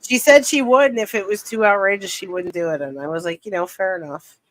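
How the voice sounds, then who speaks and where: Speaking on a podcast, this young guest spins a story in loose, informal talk, her pitch sitting in the middle. Her delivery is lively and profane, punctuated by short laughs, and the audio quality is poor.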